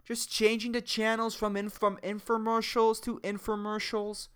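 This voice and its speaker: A woman's voice: fairly high pitch, flat delivery, moderate pace, fairly bright tone, clean tone. A woman hosting a comedy podcast, rambling with crude slang and frequent laughter. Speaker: podcast host. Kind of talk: casual comedic monologue.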